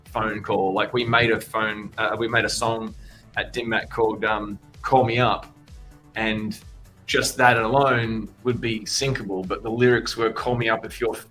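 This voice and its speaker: A man's voice: fairly low pitch, little pitch movement, unhurried, a bit bright. A man on a music feedback panel, talking casually and frankly, rambling with restarts.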